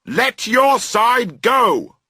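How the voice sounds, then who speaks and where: Storybook grouch who won't give in, yelling in a strained husky voice, played by a male reader. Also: extremely high pitch, big pitch swings, drawn-out words, dry recording, studio quality, voice pushed up, exaggerated voice. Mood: angry retorts. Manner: angry, shouting back. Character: stubborn grown man arguing over a tent.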